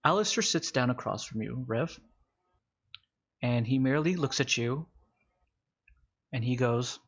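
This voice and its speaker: Man narrating a tabletop game on a muffled mic. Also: medium pitch. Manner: casual narration with fillers, slows for calm scenes. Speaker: game master.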